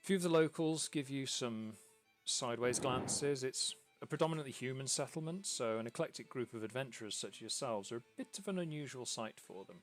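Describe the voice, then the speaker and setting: A man narrating a tabletop game as game master, in a relaxed, meandering way with lots of ums. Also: medium pitch, a little fast, hardly any pauses, faint music behind. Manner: relaxed, rambling with ums and uhs.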